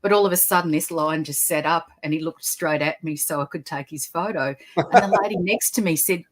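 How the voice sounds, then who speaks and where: A low-pitched woman, a guest on a podcast over a video call. She tells her stories in an animated, upbeat way. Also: a little fast. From Australia. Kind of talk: podcast interview.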